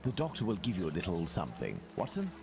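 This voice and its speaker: A man voicing Sherlock Holmes, a brisk, cold detective in a video game, speaking in a clipped, impatient way. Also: sits low, huge pitch swings, creaky, music in the background, heavily acted.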